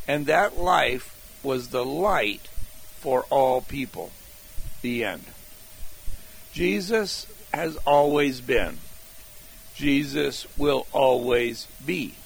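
A man preaching slowly from a sermon outline and repeating key phrases, then reading scripture aloud. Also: mid-range voice, a bit bright, slightly rough, rough recording. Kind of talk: slow scripture teaching from an outline.

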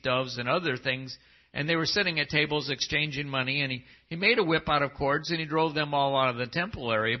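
A man's voice: medium pitch, dull audio. A pastor giving a conversational sermon and often putting questions to his congregation.

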